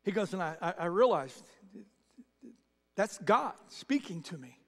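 A male pastor with a high, light voice tells stories from the pulpit. He retells other people's words, stumbling over restarts as he goes. His voice rings out into a long church reverb. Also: big pitch swings, measured pace. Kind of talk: sermon. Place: church sanctuary.

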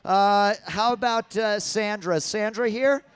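A man's voice: high voice, a little slow, clean tone, dry recording. A man playing a fed-up crude schoolteacher. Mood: exasperated. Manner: half-sung, drawling, crude outbursts. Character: exasperated male schoolteacher, crude and impatient. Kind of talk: improvised sung comedy over loops. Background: loud looped music.

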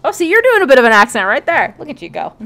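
A woman's voice: high-pitched, very fast, creaky, faint music behind. A woman hosting a let's play, chatting casually and laughing often while reading a game. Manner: giggly, animated. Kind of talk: casual chat over a game.

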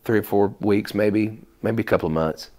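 A man, a guest musician, telling stories in a casual interview, animated and rambling with many restarts. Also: fairly low pitch. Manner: animated, acts out conversations with quick voice shifts.

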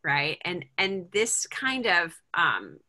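A woman's voice: fairly low pitch, wildly swooping pitch, slow, bright, forceful tone. A middle-aged woman leading a parent group over a video call, talking casually and thinking aloud with lots of fillers and restarts.

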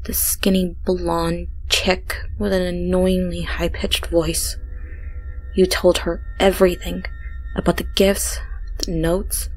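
A woman reads a horror story at an unhurried, deliberate pace. Her delivery is hushed, often dropping to a whisper, with faint music underneath. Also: on the low side, little pitch movement. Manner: slow, hushed, with whispered passages. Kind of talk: scripted horror narration.

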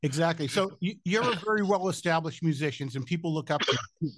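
Higher-voiced male podcast host. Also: fast, a bit bright. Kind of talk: conversational interviewing.

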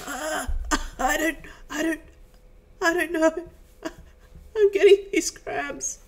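A woman's voice: high-pitched, very slow, fairly bright tone, voice pushed up, exaggerated voice. A woman voicing a male crew member who stammers and screams in sudden pain. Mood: alarmed pain. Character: male crew member seized by chest agony.

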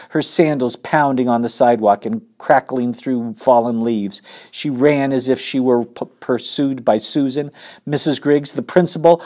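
Expressive man reading a children's book aloud. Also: medium pitch. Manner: expressive, stops to ask listeners questions. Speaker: storybook reader.

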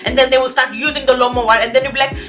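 A woman's voice: sits high, fairly even intonation, rapid-fire, a bit bright, faint music behind. A woman doing an exasperated comedic rant, swearing often. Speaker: comedy youtuber. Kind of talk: comedic monologue.

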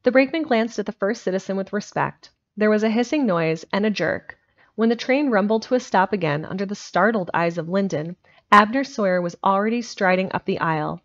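Woman, storybook reading, steady plain narration, mid pitch, dull lo-fi home mic. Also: fairly quick. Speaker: amateur audiobook reader. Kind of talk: reading a storybook aloud on a livestream. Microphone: home streaming microphone.

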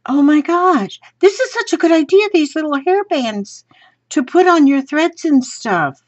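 A woman chatting to viewers from her home craft room, gushing and excitable as she shows craft supplies. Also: high voice, measured pace, no room sound. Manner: gushing and excitable, talks to viewers while handling items. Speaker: craft vlogger. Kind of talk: casual unboxing chat. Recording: slightly dull lo-fi sound.

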